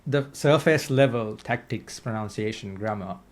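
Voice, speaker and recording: A man's voice: fairly low pitch, normal speed. A man hosting a podcast interview, reflective and hesitant, with many fillers and "right?" tag questions. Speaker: podcast host. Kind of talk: casual interview conversation.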